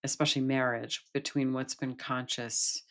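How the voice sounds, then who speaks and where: A woman's voice: a bass voice, level tone, moderate pace. A middle-aged woman, a podcast guest, telling a fairy tale and reflecting on it thoughtfully, often restarting phrases. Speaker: guest, Jungian analyst and author. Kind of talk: podcast interview, storytelling.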